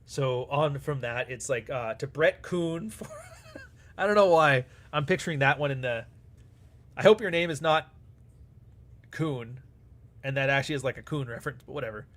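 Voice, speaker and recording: A man's voice: mid-range voice, moderate pace, long pauses, a bit bright. A man hosting a live stream, talking casually and bluntly with plenty of swearing and acting out back-and-forth dialogue as he answers super chats. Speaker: livestream host.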